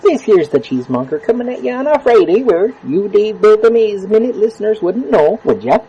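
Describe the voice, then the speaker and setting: A man's voice: high-pitched, animated, a little fast, husky, pitched above the performer's own voice, heavily acted. A man voicing a boisterous, folksy male cheesemonger announcer who hollers like a showman. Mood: hearty. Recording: muffled lo-fi, from off-mic.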